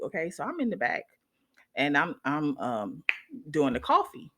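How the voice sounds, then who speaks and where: A woman, a nurse, telling a story casually to her viewers in an animated way, often checking in with them. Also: sits low, normal speed.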